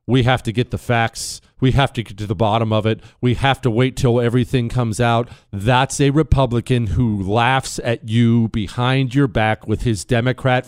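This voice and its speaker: A man hosting a talk radio show, delivering an opinionated monologue with sarcastic asides and sudden playful jumps in pitch. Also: clear, resonant tone, dry recording, studio quality. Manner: sarcastic, animated, jumps to a high playful voice when joking.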